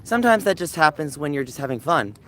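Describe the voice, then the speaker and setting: A man's voice: fairly high pitch, animated, fast talker, a bit bright, faint music behind. A man live streaming outdoors from a dog park, chatting loosely and reading chat aloud while he walks. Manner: rambling, reads chat aloud, talks to dogs. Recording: faint outdoor noise, dogs barking. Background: dogs and faint outdoor ambience.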